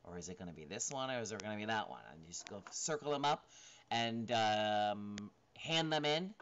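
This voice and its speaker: A man's voice: fairly low pitch, expressive, moderate pace, fairly bright tone. A man teaching a recorded lecture over slides, talking casually with many fillers and frequent checks of "right?". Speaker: instructor. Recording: dull lo-fi recording with faint noise.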